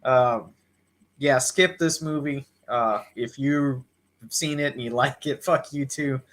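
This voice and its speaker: A man's voice: medium pitch, slow, very noisy. Man, casual podcast talk, easygoing, blunt opinions. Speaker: podcast co-host. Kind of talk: casual chat.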